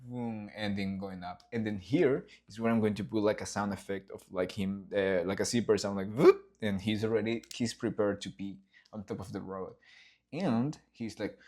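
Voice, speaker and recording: Lively man explaining his storyboards. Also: fairly low pitch, normal speed. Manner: enthusiastic, acts out scenes with sound effects and swearing. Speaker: animator walking through his storyboards. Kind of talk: casual behind-the-scenes vlog.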